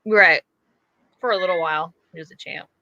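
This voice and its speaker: Woman cohost rambling in casual sports chat, bright sharp voice, kinda dull dry recording. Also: on the low side, moderate pace, no room sound. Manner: chatty, hedging, lots of fillers. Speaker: podcast co-host.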